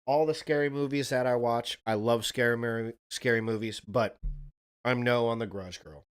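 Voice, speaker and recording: A man's voice: medium pitch, steady tone, moderate pace, clear, resonant tone. A man live-streaming a casual reaction chat, rambling, swearing and talking to a viewer in chat.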